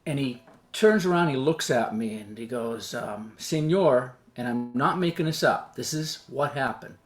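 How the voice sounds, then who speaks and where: A man telling a personal story on stage in an animated, self-deprecating way, acting out the dialogue as he goes. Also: mid-range voice, moderate pace.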